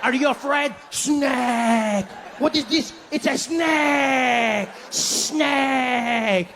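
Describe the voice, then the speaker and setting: A man voicing a mocking father, taunting and shouting. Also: extremely high pitch, very slow, slight background noise, voice pushed up, exaggerated voice. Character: mocking French father, teasing.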